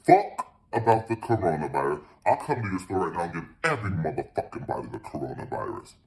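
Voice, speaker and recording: A man voicing a rude, angry woman customer, in a low gravelly put-on voice. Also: very animated, quick pace, heavily acted. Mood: hostile.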